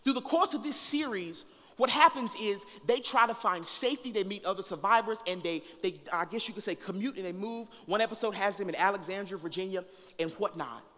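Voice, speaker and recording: A man preaching a sermon, animated, with big swings in loudness and calls for the congregation to answer back. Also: high-pitched, a little fast. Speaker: pastor. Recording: long hall reverb.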